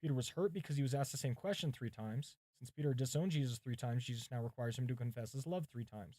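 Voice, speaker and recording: Pastor, man, mid-pitched, reads study notes aloud and muses between them on a dry, close-sounding track. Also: fast, mellow, no echo. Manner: thinking aloud, chatting with viewers between readings. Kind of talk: livestream sermon prep, reading commentaries aloud. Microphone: mic set far from him.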